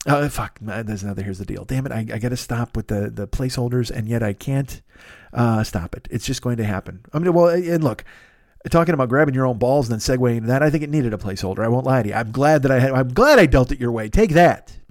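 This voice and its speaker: A man's voice: mid-range voice, expressive, quick pace, dry recording, studio quality. A man in his fifties riffing in a rambling, profane comedy monologue, laughing at his own jokes. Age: 50s. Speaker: podcast host.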